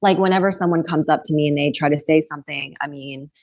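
Lower-voiced woman, candid podcast guest. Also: quick pace, darkish tone. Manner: candid, leans on filler "like". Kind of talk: casual chat.

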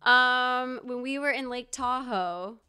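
A woman's voice: sits high, slow, sharp tone, clean tone. A woman co-hosting a podcast in casual chat, telling stories with lots of fillers and asides. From Georgia, US. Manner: chatty storyteller, many fillers and asides. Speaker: podcast co-host.

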